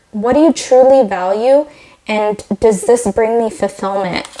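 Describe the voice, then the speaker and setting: Woman tarot reader, casual and rambly, a bit out of breath, slightly high voice. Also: a little mellow. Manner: rambling, heavy on "like" and restarts. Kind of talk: casual spoken tarot reading to camera.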